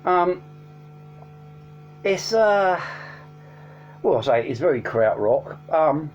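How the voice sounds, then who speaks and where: A man's voice: fairly high pitch, sing-song, takes it slowly, a little mellow. A man casually reviewing albums at home, rambling with many ums and restarts but enthusiastic. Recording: dull lo-fi sound with faint hum.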